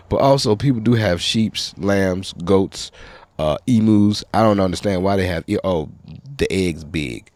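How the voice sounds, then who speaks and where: A man with a low, deep voice hosts a solo podcast and rambles through stories in a loose, profane, animated way. The sound is dry and close, with no room behind it. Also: normal speed, no echo. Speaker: podcast host. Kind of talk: casual solo podcast rant.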